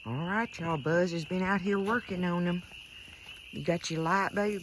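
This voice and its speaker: A woman's voice: fairly low pitch, normal speed, slight background noise. A woman hosting a casual cooking demonstration, chatty and folksy, talking straight to her viewers outdoors at night. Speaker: cooking show host.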